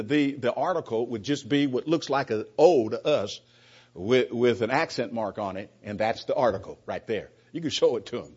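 A man's voice: medium pitch, darkish tone, slightly rough, dull audio. A man teaching the Bible in a conversational sermon style, often repeating words and acting out both sides of an exchange. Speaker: preacher.

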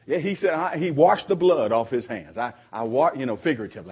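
A man preaching a sermon to his congregation, conversational, with frequent restarts and lively quoted voices. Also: medium pitch, a little fast, hardly any pauses, husky. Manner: conversational preaching with repeated restarts, animated quoting. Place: church sanctuary. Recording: dull lo-fi recording.

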